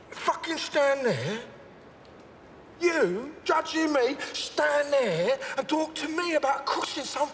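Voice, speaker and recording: A rambling, profane gangster boss. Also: male voice, very high-pitched, sharp tone, heavily acted. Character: volatile rambling middle-aged London gangster boss. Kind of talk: television crime drama acting. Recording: film soundtrack with background noise.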